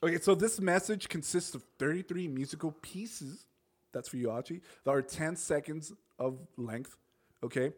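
A man's voice: on the high side, moderate pace. A man co-hosting a podcast, reading topic notes in casual chat, with frequent restarts and laughs. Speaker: podcast co-host.

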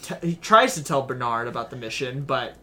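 A man co-hosting a casual chat, animatedly recapping a film's plot with quick asides. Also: medium pitch, expressive, background noise. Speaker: podcast co-host.

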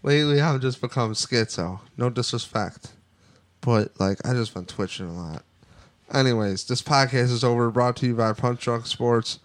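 Profane rambling podcast guy, smooth voice. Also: medium pitch, moderate pace. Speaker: podcast co-host. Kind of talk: casual sports podcast chat.

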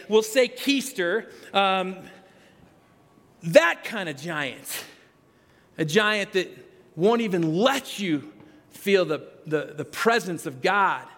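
Man, pastor, high voice, conversational sermon, long hall reverb. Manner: animated, conversational preaching with restarts.

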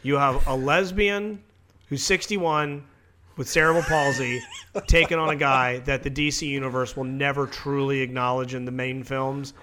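A man's voice: medium pitch, fairly even intonation, normal speed, sharp tone, slight background noise. A man co-hosting a wrestling podcast, rambling through crude jokes, swearing freely and laughing at his own bits. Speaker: podcast co-host.

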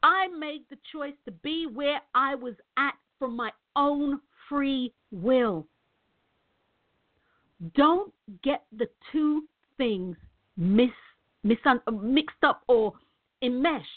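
A woman's voice: high-pitched, takes it slowly. A middle-aged woman giving an emphatic motivational talk, repeating herself and calling her viewers guys. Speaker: motivational speaker. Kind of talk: direct-to-camera motivational talk. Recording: tinny phone-like audio.

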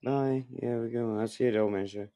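A father chatting quietly and easily in a casual group voice call. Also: medium pitch, steady tone, brisk, no room sound.

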